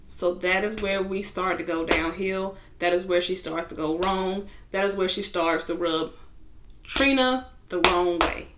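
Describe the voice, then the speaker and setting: A young woman in a casual vlog, retelling a reality show episode with lively, slangy asides. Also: lowish voice, measured pace, background noise. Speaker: TV show reviewer.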